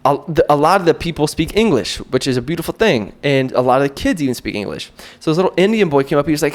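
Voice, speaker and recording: A man in his thirties telling a story in a casual vlog, animated and self-mocking. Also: fairly high pitch, fast talker, few pauses. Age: 30s. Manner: animated, self-mocking, quotes himself in acted voices. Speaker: vlogger.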